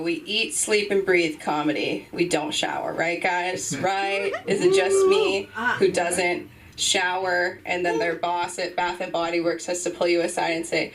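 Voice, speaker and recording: A woman's voice: lowish voice, measured pace, far from the mic. A young woman hosting an open mic, doing a loose, rambling, self-mocking stand-up set with sudden yelps. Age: young adult. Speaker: open mic host and comedian. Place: comedy club stage. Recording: noisy room, voice from off mic.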